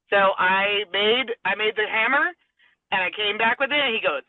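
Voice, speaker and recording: A woman's voice: medium pitch, normal speed, dry recording. Woman telling a story over a tinny line. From Southern California. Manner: rambling, acts out quoted dialogue, laughs often. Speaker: pro wrestler guest. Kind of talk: casual interview storytelling. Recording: tinny phone-like dry sound.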